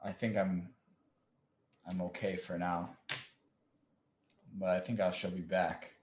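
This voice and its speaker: A man playing a tabletop game, making brief, low-key remarks. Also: level tone, slow, darkish tone. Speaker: player. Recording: roomy echo, faint background noise.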